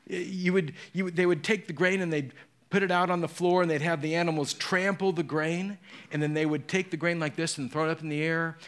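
A pastor in middle age delivers a sermon, retelling scenes with theatrical flair. He slips into the voices of the people in his story and then returns to plain preaching. His voice sits a little high for a man. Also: a bit bright. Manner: dramatic storytelling, acting out voices in quotes.

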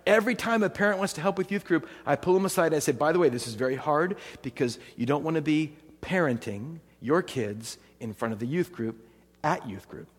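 Man, middle-aged, pastor, conversational sermon, rhetorical questions, fairly high voice, big hall reverb. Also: a little fast, breathy edge.

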